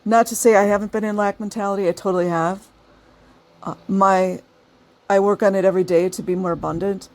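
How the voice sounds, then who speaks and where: A woman's voice: medium pitch, steady tone, a little fast. A woman hosting her own channel, talking casually to her viewers. She laughs often and acts out the people she describes. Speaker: channel host.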